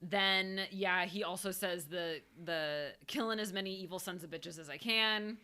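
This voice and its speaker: A young woman co-hosting a casual podcast chat, playful and giggly, quick to agree. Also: on the low side, sharp tone, smooth. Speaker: podcast co-host.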